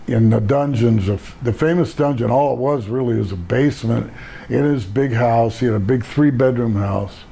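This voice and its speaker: A man's voice: medium pitch, moderate pace, gravelly, mellow, slightly rough. An older man, a retired pro wrestler, telling rambling laid-back stories in a casual interview and laughing at his own jokes.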